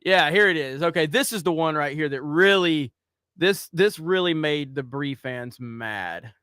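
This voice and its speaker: A man's voice: fairly high pitch, a little slow, pushed and bright, smooth, no echo, studio quality. A man hosting a casual commentary show, talking in a sarcastic, mock-earnest way. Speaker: YouTube commentary host.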